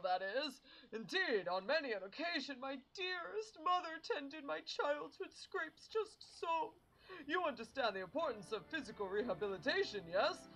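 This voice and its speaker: A woman voicing a pompous, theatrical gentleman inspector from a game, with grandiose, overly formal delivery. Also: high voice, voice pushed up, poor audio.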